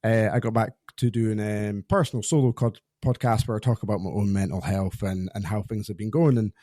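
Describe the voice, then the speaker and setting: Podcast host, a man in his thirties: mellow, hesitant and reflective, recorded dry and close. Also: fairly low pitch, steady tone, brisk, no echo. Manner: hesitant, reflective, lots of restarts. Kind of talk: interview conversation.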